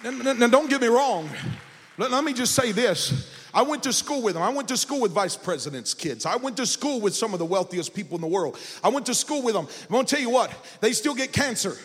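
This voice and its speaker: A man pastor preaching a sermon, building from casual storytelling into shouted and sung phrases. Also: sits high, expressive, fairly quick, long reverb tail. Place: church sanctuary.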